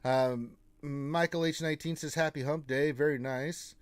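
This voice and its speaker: A man co-hosting a casual live gaming stream, reading out viewer greetings and teasing them with flat refusals. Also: a little high, moderate pace, smooth, dry recording.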